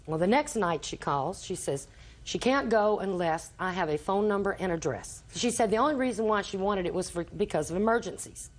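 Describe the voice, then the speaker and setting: An older woman testifying before a judge, recounting events at length. She slips into the voices of the people she quotes. Her pitch sits in an ordinary middle range. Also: lively intonation, a little fast. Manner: long storytelling, acts out quoted dialogue. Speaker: litigant in small claims court. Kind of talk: courtroom testimony.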